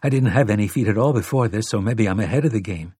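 A man's voice: fairly low pitch, fast, mellow, slightly rough, no room sound, clean studio sound. A man voicing a determined, wry woman thinking to herself in an audiobook. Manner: wry, stubborn inner thoughts.

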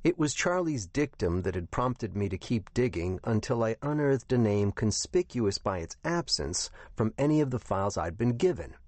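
A man with a fairly low voice reads a first-person novel in a measured, even manner. The recording is close and dry, with no room sound. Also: no room sound. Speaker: audiobook narrator. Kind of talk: first-person scripted narration.

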